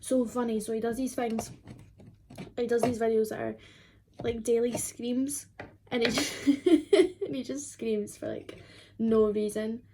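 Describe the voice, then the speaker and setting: A woman's voice: fairly high pitch, little pitch movement, unhurried, long pauses, dark tone, slight background noise. A twenty-year-old woman, chatting casually and rambling with lots of fillers while doing her makeup at home. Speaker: beauty vlogger.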